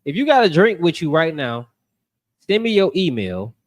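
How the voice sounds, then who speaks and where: A man hosting a casual podcast, telling stories in an animated way and acting out the voices of the people in them. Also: on the high side, moderate pace. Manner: animated storytelling, acts out voices. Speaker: podcast host.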